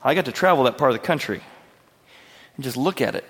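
A man's voice: medium pitch, animated, quick pace, fairly bright tone, slightly rough, in a large hall. A male pastor preaching a verse-by-verse sermon in an earnest, conversational way, asking his listeners questions.

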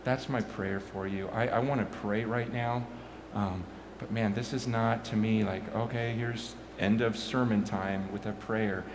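Animated preaching man, noisy room. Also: on the low side, a little slow, echoey room. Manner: animated, rising loud when excited, stammering restarts. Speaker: pastor. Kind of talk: sermon.

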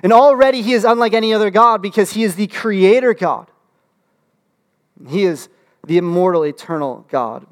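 A man preaching a sermon as pastor, animated and humorous, with frequent restarts and fillers. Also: sits high, moderate pace. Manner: animated, humorous asides with rising excitement.

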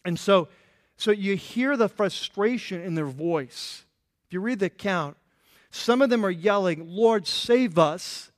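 Man, pastor, sermon, high-pitched, animated, playful. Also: measured pace. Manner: animated, playful, acts out quotes.

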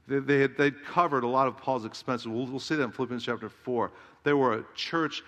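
A man's voice: medium pitch, steady tone, a little fast, fairly bright tone. Middle-aged guy preaching, lots of "amen?" questions to the crowd, long hall reverb. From Southern California. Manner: emphatic preaching, rhetorical questions to the congregation. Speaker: pastor. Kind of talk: sermon.

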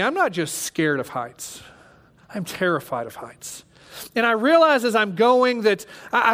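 High-voiced animated male preacher. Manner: animated storyteller, acts out his own panic. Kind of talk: sermon storytelling.

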